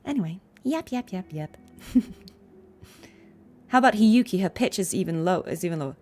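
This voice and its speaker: A woman's voice: medium pitch, expressive, normal speed, darkish tone, a little hiss or hum. A woman streamer and voice actor chatting casually, explaining voice tricks in a chatty, self-deprecating way.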